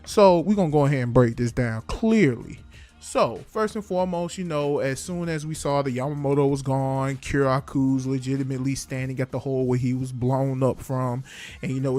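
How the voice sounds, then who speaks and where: A young man casually reviewing an anime episode, with animated, slangy delivery. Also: mid-range voice. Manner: animated, slangy, acts out scenes.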